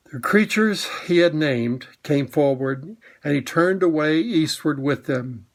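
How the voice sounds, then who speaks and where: Man with a raised voice, reading slowly. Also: fairly high pitch. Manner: measured, even storytelling. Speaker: audiobook narrator. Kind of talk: storybook reading.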